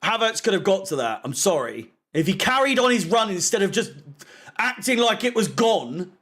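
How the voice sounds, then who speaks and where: A man's voice: high voice, very animated, moderate pace, fairly bright tone. A man hosting a live match watch-along, sarcastic and swearing, with frustrated outbursts at the players. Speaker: fan channel host watching a match.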